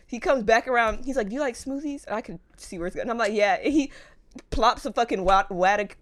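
A young woman chats in a brisk, rapid flow as a podcast co-host. Her stories are animated, and she acts out other people's lines. Slang and casual swearing run all through her talk. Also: a little high. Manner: animated storytelling, acting out quoted voices, casual swearing and slang. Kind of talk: casual chat between friends.

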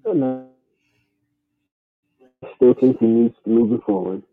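Man, casual chat host, rambling, husky voice, tinny lo-fi line. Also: medium pitch, huge pitch swings, slow pace, faint music behind. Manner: laid-back, rambling with fillers. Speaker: podcast host. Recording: tinny phone-like dry audio.

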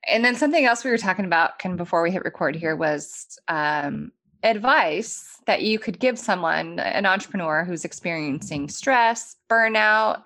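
A woman's voice: low-pitched, gravelly. A woman hosting a podcast, affirming her guest and asking questions in a casual conversation. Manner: warm affirming interviewer, laughs easily. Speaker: podcast host.

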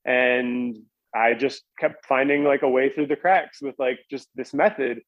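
A man's voice: mid-range voice, a little slow, no echo, highs cut off. A man casually telling a long story as a podcast guest, rambling with lots of "like" and restarts.

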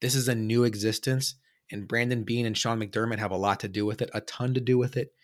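A man hosting a sports podcast, chatting casually and telling stories with animated quoted voices. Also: mid-range voice, a little fast. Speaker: podcast host.

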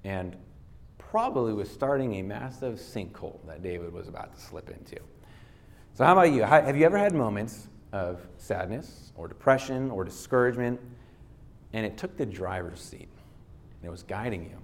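A man's voice: lowish voice, expressive, normal speed. A male pastor giving a sermon, retelling a scripture story in casual everyday words and reading verses aloud.

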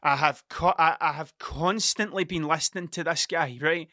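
A man's voice: on the high side, normal speed, pushed and bright, no echo, clean studio sound. A man in his forties hosting a solo podcast, rambling and swearing heavily while mocking himself. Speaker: podcast host.

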